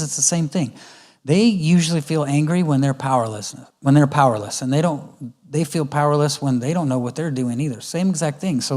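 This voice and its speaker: Man giving a lively church parenting talk. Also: a little high. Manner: conversational, acts out family dialogue. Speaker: guest speaker. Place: church auditorium.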